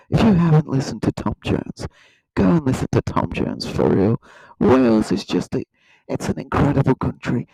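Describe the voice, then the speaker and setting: A man's voice: a little high, mellow, slightly rough, no echo, poor audio. A man hosting a satirical comedy video, rambling in a mock-serious way and often tripping over his words. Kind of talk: satirical monologue to camera.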